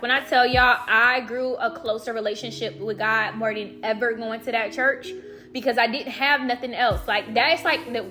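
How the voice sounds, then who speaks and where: A young woman from Florida talks straight to her viewers, chatty and animated, and she often calls them y'all. Her voice sits a little high and sounds bright and forward. Faint music plays softly behind her. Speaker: vlogger. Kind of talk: casual storytime.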